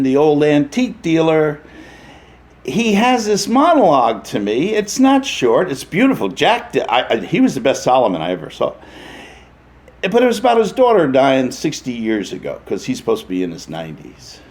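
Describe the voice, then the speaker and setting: A lively older man, holding court with backstage stories. His voice sits a touch high and swoops widely as he mimics the people in his anecdotes. He breaks into laughter often. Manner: animated raconteur, acts out voices, laughs often. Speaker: interview guest, veteran stage actor. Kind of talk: anecdotal storytelling.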